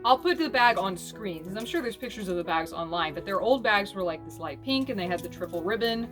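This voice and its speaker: A woman chatting casually to camera as a fashion vlogger, animated and snarky, laughing often. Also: mid-range voice, fairly quick, music in the background.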